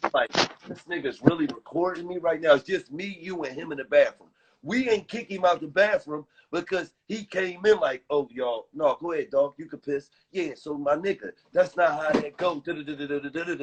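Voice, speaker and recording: A man's voice: a little high, a little hiss or hum, poor audio. A man as a guest in a casual talk, animatedly retelling a story with quoted lines and laughter.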